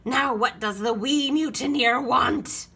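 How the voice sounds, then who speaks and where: A woman's voice: sits high, slow pace, creaky, bright, forceful tone, slightly rough, pitched above the performer's own voice, exaggerated voice. A woman voicing a blustering male pirate captain in a storybook reading, hollering in pirate talk. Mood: bellowing.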